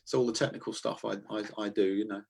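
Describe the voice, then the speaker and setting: Raspy gravelly guy, music producer, keeps saying you know. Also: fairly low pitch, fairly even intonation, fast, darkish tone. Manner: repeats himself, says "you know". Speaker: arranger and producer. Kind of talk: casual interview chat.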